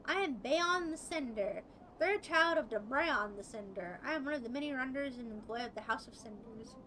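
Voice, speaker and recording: Woman doing a high-voiced courtly messenger man. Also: lively intonation, moderate pace, bright, forceful tone, slight background noise, poor audio. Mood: apologetic. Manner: courtly, overly apologetic. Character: formal, hopeful male messenger, high voice.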